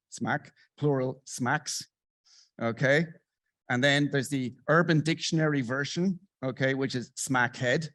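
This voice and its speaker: A middle-aged man giving a satirical keynote on a conference stage, sarcastic and animated, swinging between loud bursts and muttered asides. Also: medium pitch, no room sound. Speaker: conference speaker. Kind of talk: satirical stand-up style keynote.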